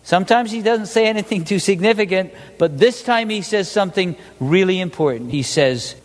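High-voiced male preacher in a reverberant hall. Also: normal speed. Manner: animated, asks the congregation questions. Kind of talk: sermon.

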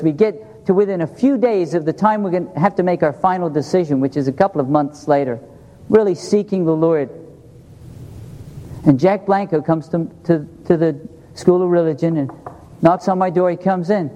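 High-voiced preacher in a reverberant church. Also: male voice, normal speed, dark tone. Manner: earnest, asks the congregation questions. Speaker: pastor. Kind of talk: sermon. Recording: long hall reverb.

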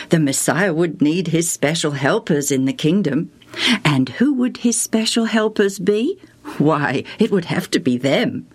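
A woman narrating a Bible story as a storyteller, gentle and expressive, asking the listener questions along the way. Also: low voice, breathy edge. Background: music.

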